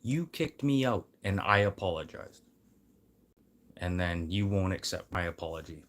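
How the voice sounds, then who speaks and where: A man with a very deep, low-pitched voice talks casually to his livestream audience. He rambles and swears freely, drifting from quiet mutters to loud, eager pep talk. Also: expressive, moderate pace. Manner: rambling, profane, swinging between muttering and loud encouragement.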